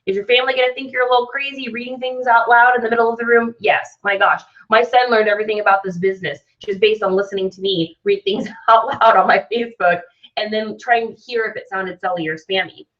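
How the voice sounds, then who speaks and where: A woman's voice: mid-range voice, steady tone, fast, fairly bright tone. A woman hosting an online business training, talking in an upbeat, chatty way and often checking in with "right?". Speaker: host and sales trainer. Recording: dull lo-fi sound, slightly distant mic.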